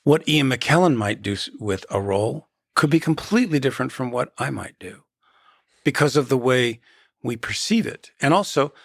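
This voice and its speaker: A man with a gravelly, husky voice talks slowly through his thoughts as an interview guest, circling back and restarting phrases before he lands on a point. The sound is close and dry, with no room around it. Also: mid-range voice, lively intonation, no echo. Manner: measured, storytelling, restarts phrases. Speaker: actor and guest. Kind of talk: reflective interview talk.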